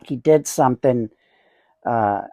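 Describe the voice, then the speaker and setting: A man's voice: mid-range voice, takes it slowly, dark tone, no echo. A man in his sixties telling rambling, chuckling anecdotes as the host of a casual collector vlog.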